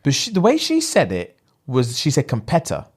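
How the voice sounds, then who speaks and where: Guy on a podcast, slightly high voice, swings all over in pitch acting out stories. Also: moderate pace, husky. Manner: animated storytelling, acts out quotes, laughs often. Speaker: podcast host. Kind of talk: casual chat.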